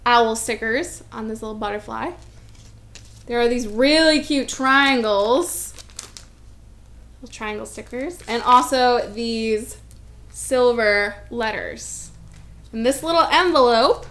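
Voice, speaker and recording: Bubbly, gushing young woman vlogger. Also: fairly high pitch. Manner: bubbly, gushing, chatty with excited asides. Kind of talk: casual mail-opening vlog.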